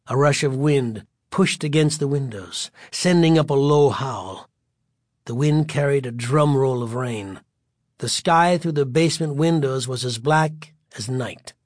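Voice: medium pitch, a little slow, no echo. Suspenseful audiobook narrator, dry close sound. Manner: vivid, suspenseful reading with voiced characters. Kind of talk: dramatic storybook narration.

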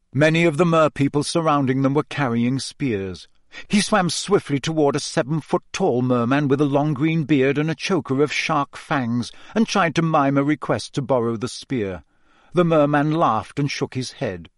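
A man giving a measured, expressive scripted narration of a fantasy novel. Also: mid-range voice, no echo, studio quality. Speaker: audiobook narrator.

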